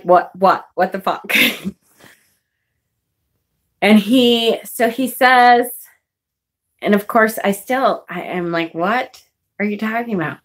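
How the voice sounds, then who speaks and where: Female vlogger, unhurried chatty storyteller, frank and profane. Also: medium pitch. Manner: chatty, swearing, laughing often. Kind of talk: casual personal storytelling.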